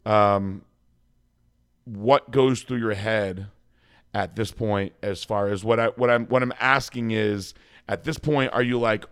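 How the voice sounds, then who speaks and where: A man's voice: lowish voice, steady tone, unhurried, smooth. A man interviewer asking his guest probing questions, rephrasing them as he goes.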